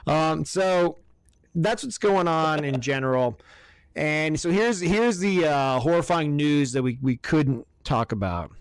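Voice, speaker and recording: Male podcast co-host, slightly high, smooth clean tone; profane, rambling, excitable delivery. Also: slow pace, no room sound, clean studio sound. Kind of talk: casual podcast banter.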